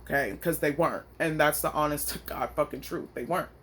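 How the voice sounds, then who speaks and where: A woman's voice: low voice, brisk, a little hiss or hum. A woman vlogger venting into her phone, frustrated and blunt, with slangy, profane talk. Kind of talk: emotional personal vent.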